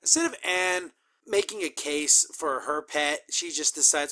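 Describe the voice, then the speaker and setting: A man casually recapping and reacting to a cartoon episode, chatty and upbeat, acting out quick character quotes. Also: high-pitched, expressive, fairly bright tone. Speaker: show reviewer.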